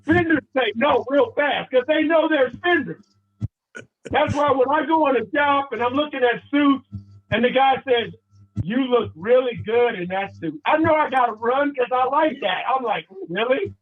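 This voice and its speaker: A man's voice: extremely high pitch, moderate pace. A man giving a playful motivational talk to a sales team, acting out little scenes as he goes. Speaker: motivational speaker. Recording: tinny phone-like sound.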